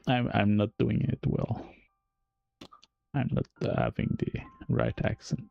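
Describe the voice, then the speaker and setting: A man with a French accent, a native French speaker, explains game code on a live stream in a halting, self-correcting way, chuckling at his own slips. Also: medium pitch, steady tone, gravelly, dark tone, no echo, dull audio, soft background music.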